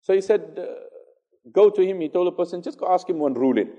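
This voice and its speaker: A man giving an Islamic religious lecture, telling stories, acting out dialogue and reciting Arabic verses quickly. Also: sits high, expressive, warm tone, lo-fi sound. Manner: conversational, fillers, repeats phrases for emphasis.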